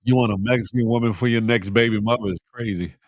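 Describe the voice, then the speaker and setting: A man's voice: mid-range voice, steady tone, quick pace, dry recording, clean studio sound. A middle-aged man hosting a morning livestream, reading viewer comments aloud in casual, slangy banter, often laughing. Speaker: host of a morning livestream show.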